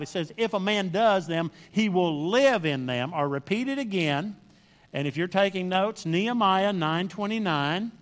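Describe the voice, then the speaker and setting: A man's voice: high-pitched, a bit bright, long reverb tail. A man preaching a sermon, reading scripture aloud and pressing his points with emphatic repetition and questions to the congregation.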